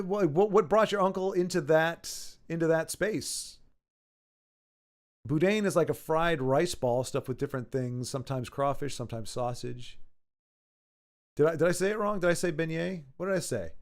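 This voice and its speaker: A man's voice: fairly high pitch, animated, normal speed. A man hosting a livestream, chatting in a rambling way and reading viewer messages aloud, his voice a little worn. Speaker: livestream host. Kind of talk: casual livestream chat.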